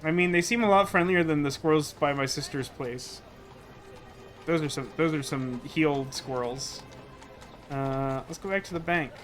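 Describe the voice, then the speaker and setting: Bright-voiced chatty gaming host. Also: male voice, on the high side, normal speed, soft background music. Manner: chatty, rambling with many fillers. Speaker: let's play host. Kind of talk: casual gameplay commentary.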